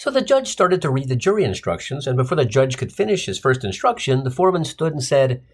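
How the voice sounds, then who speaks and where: A man hosting a comedy show, telling sardonic stories in an animated way. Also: mid-range voice, fast talker, husky. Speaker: comedy podcast host. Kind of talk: comic storytelling monologue.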